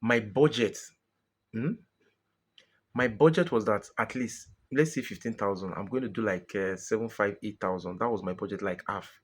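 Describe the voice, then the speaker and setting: A man's voice: lowish voice, normal speed, breathy edge. A Nigerian man venting in a frustrated personal monologue to his viewers, exasperated and pleading, often repeating himself. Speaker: vlogger.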